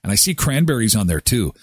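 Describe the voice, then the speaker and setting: A man's voice: mid-range voice, breathy edge, no echo, studio quality. A man hosting a live daily show in casual chat, reacting with exclamations and jokes. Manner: animated, exclaiming and joking.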